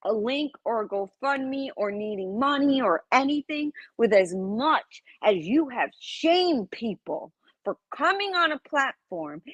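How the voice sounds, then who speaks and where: A woman's voice: fairly high pitch, no room sound, low-quality recording. A woman in heated casual livestream chat, speaking bluntly and indignantly with plenty of profanity.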